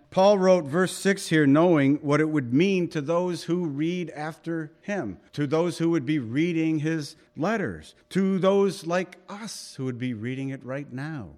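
A man's voice: fairly high pitch, a little mellow. A middle-aged man preaching a conversational, emphatic sermon, acting out quotes with shifts in voice. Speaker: pastor. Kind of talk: expository sermon.

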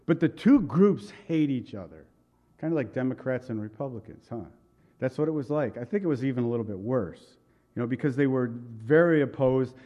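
A man's voice: medium pitch, dull audio. A male pastor preaching a sermon in a conversational, emphatic way, full of rhetorical questions.

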